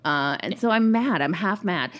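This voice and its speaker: A woman's voice: fairly low pitch, normal speed. A woman in her thirties from Minnesota, with a Minnesotan accent, co-hosting a podcast in casual chat and exclaiming often. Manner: animated, exclaims and gasps often. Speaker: podcast co-host.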